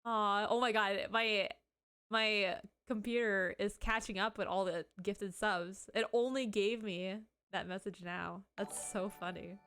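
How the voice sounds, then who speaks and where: A woman's voice: medium pitch, fairly even intonation, slow pace, a bit bright, clean tone. A woman streaming live, chatting casually, giggling, swearing and teary as she thanks her viewers.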